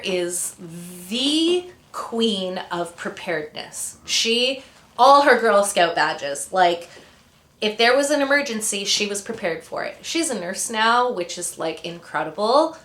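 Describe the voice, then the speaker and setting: Chatty rambling woman, bright tone. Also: medium pitch, roomy sound. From Ontario, Canada. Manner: rambling, chatty, lots of fillers and tangents. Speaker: interview guest, musician. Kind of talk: casual interview storytelling.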